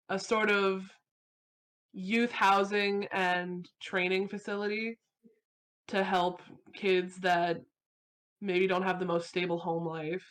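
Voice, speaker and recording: A woman playing a tabletop game, calmly reading out a written epilogue for her character. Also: fairly low pitch. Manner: calm, descriptive storytelling. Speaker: player.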